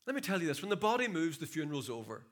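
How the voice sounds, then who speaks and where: A man preaching a sermon in a church, swinging from loud shouts to hushed storytelling. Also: on the high side, very animated, rapid-fire. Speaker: pastor. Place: church hall.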